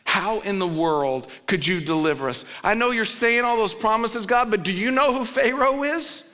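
A man preaching in a church sanctuary, his voice bright and forceful and pitched a little high. He moves between loud, urgent pleading and low, quiet emphasis. The sound rings with the long reverb of a big hall. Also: animated, moderate pace. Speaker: pastor. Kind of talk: sermon.

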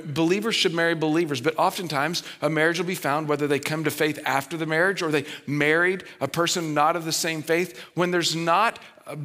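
A man's voice: fairly high pitch, fairly bright tone. A man pastor giving a sermon in an earnest, conversational, plainspoken way.

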